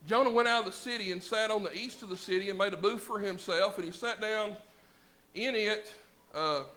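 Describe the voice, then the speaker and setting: A man with a Southern US accent preaches a sermon in a church in a very high-pitched, bright, ringing voice. He talks to the congregation conversationally, throwing out rhetorical questions and swinging from loud, emphatic lines to low, quiet asides. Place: church sanctuary.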